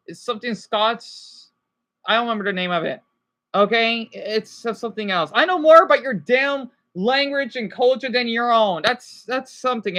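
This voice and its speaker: A woman from Arizona, USA, with an American accent rambles emphatically through a ranting livestream monologue, repeatedly asking "okay?" to push her points. Her voice sits on the high side and sounds fairly bright, recorded on a basic home setup.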